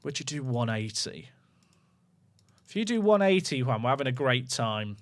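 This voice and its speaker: Male streamer, casual running commentary, mid-pitched. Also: very animated, moderate pace. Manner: musing aloud, chatting to viewers. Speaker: gaming streamer.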